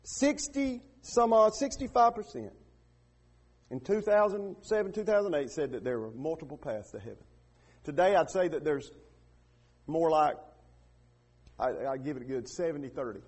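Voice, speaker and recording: A man preaching a sermon in a church, building from quiet, hushed passages to loud, emphatic peaks with repeated rhetorical questions. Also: a little high, expressive, normal speed, pauses often, husky. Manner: repetitive call-and-response questioning. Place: church with radio and online broadcast.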